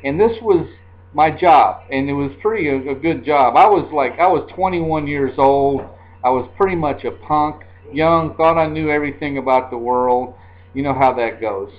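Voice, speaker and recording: A man's voice: fairly high pitch, normal speed. A man in his sixties telling a personal story in a casual, rambling way, often repeating himself. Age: 60s. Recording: dull lo-fi recording.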